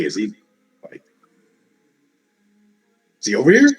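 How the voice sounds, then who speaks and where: A man's voice: fairly low pitch, very animated, a little fast, soft background music. A man playing a tabletop game, exasperated and dismissive. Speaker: player.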